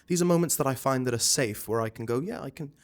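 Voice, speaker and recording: A man, a stage actor, talking as a guest in a casual interview, animated and chatty with many restarts. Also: mid-range voice, fast, clear, resonant tone.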